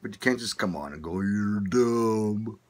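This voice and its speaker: A man's voice: on the low side, unhurried. An older man with a Manitoba Canadian accent, rambling through a casual opinion rant, swearing and stumbling over restarts. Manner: rambling, swearing, laughing often, many restarts. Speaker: vlogger.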